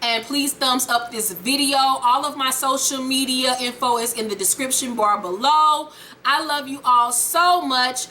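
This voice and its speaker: A young woman casually recapping a TV episode, profane and animated, acting out the characters as she retells scenes. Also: high voice, measured pace, slight background noise. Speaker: TV recap reviewer.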